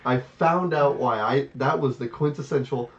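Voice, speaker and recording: A man's voice: mid-range voice, moderate pace. A middle-aged man co-hosting a board game podcast, telling stories in casual chat and acting out quoted voices. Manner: animated storytelling with quoted asides. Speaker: podcast co-host. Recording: distant dull podcast audio.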